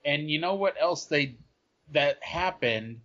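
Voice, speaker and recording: A man's voice: a little high, lively intonation, slow, a bit bright, muffled recording. A man co-hosting a podcast, chatting casually and dropping dry, sarcastic asides. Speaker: podcast co-host. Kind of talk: casual wrestling recap chat.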